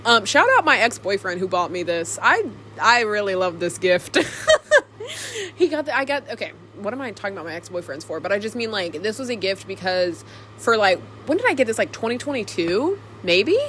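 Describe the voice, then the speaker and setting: A woman's voice: medium pitch, big pitch swings, a little fast, fairly bright tone, a little hiss or hum. A young woman vlogging to her camcorder alone, chatting casually in a rambling, giggly way. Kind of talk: casual chat to camera. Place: alone in a room.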